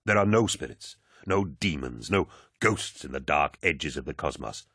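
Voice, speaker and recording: A man voicing an older male scholar and advisor, calm and rational, in a reassuring, reasoning manner as an audiobook character voice. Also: extremely low pitch, normal speed, husky, no room sound, studio quality, voice pushed down, exaggerated voice.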